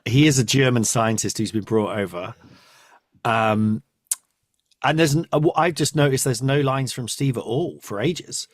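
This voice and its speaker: A man's voice: mid-range voice, normal speed, dry recording, studio quality. A man hosting a podcast, chatting casually, often laughing and trailing off. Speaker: podcast host. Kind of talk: casual chat.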